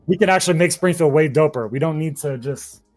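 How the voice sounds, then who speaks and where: A man's voice: a little high, a little fast, faint music behind. A man speaking as an activist guest in a casual interview, heated, profane and passionate, admitting he gets emotional.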